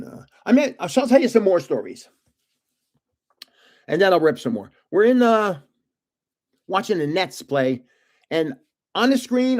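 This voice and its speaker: This is the host of a live card-opening stream, an older man whose voice is high with a darkish tone. He chats away through meandering stories, laughing frequently.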